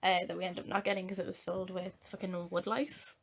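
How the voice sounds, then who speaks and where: Her voice is on the low side and gravelly, and she talks fast, with a little hiss or hum in the audio. She's a young adult Irish woman co-hosting a podcast, laughing a lot as she tells animated stories in casual conversation.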